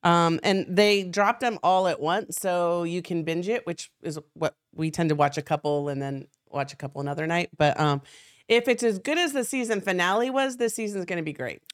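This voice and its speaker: A woman's voice: on the low side, normal speed, no echo, studio quality. A woman co-hosting a casual chat show, chatty and playful, with lots of ums and likes. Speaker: co-host.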